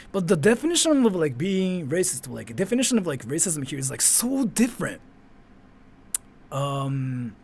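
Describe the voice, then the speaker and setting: A man's voice: a little high, a little hiss or hum. A young man whose first language is Japanese, chatting casually on a live stream and answering his chat, with a rambling manner that leans hard on "like" and lets phrase ends fade. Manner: rambling, heavy use of "like", trails off quietly at phrase ends.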